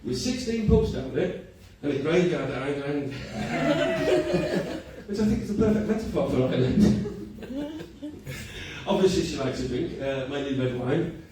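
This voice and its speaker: At a measured pace, this male comedian's fairly high voice swings hugely in pitch during his stand-up set at a cafe comedy night. He's self-deprecating and frequently laughs at his own jokes; the audio is echoey, noisy and taken from a far mic.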